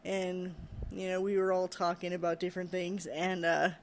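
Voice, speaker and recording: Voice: mid-range voice, little pitch movement, normal speed. A middle-aged vlogger ranting casually to camera, rambling and chatty, often breaking into laughter.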